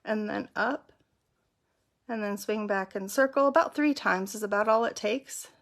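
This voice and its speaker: Chatty woman with a gravelly voice. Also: medium pitch, moderate pace. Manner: chatty, explains step by step while applying makeup. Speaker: makeup tutorial host. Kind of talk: casual how-to demonstration.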